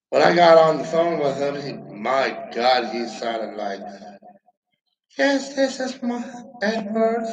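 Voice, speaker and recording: A man giving a rambling stand-up comedy monologue, halting and profane, with lots of fillers and restarts. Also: medium pitch, rough recording. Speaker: amateur comedian.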